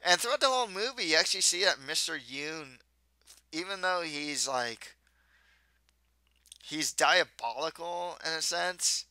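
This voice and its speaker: A man's voice: on the high side, expressive, a little slow, bright, forceful tone, clean tone, no echo. A man giving a casual, rambling spoken movie review, often restarting his sentences. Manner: rambling, with frequent restarts and stumbles.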